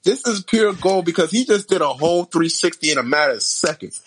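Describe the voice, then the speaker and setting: A man talking casually about wrestling with friends, animated and full of slang, sometimes dropping low for emphasis. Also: brisk, husky, poor audio. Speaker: wrestling podcast co-host. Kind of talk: casual chat.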